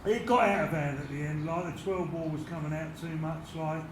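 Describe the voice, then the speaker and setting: A man telling stories in a casual interview, blunt and animated, swearing constantly. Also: fairly high pitch, a little fast, background noise. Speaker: interviewee, former doorman. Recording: echoey room.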